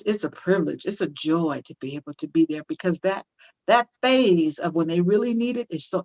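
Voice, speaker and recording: A woman's voice: on the low side, lo-fi sound. An older woman speaking as an interview guest on parenting, emphatic and repeating phrases for stress. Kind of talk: conversational interview, teaching tone.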